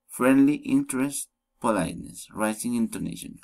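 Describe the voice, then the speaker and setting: A man whose first language is Spanish reads English intonation exercises aloud, slow and deliberate, marking each stress. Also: on the low side, lively intonation, vocal fry. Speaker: student reading a phonetics exercise. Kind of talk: slow read-aloud pronunciation drill.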